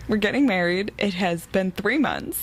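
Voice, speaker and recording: A woman co-hosting a casual book-club podcast, animated and exasperated, quick to laugh. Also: mid-range voice. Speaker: podcast co-host.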